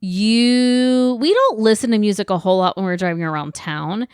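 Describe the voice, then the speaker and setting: A woman's voice: medium pitch, expressive, a little mellow, clean tone, dry recording, studio quality. A woman in her thirties with an American accent, co-hosting a casual podcast with her husband, teasing him and airing mild complaints. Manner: teasing, quick to vent mild annoyance. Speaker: podcast co-host. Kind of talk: casual chat.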